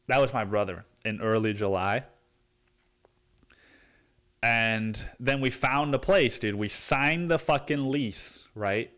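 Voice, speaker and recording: A man's voice: mid-range voice, slow, long pauses, fairly bright tone. A man hosting a solo rant podcast, swearing and rambling, saying "dude" all the time. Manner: profane, rambling, says "dude" constantly. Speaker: podcast host. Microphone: podcast microphone.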